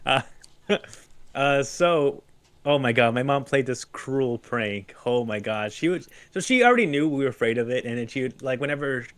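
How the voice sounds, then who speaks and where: Animated male podcast guest who laughs through his stories and acts out the quotes. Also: medium pitch, normal speed. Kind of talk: casual storytelling.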